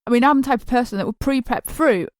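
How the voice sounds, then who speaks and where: A woman's voice: a little high, fast, dry recording, studio quality. Hesitant woman co-hosting a podcast. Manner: hesitant, many fillers and restarts, curious. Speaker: podcast co-host. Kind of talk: casual podcast chat.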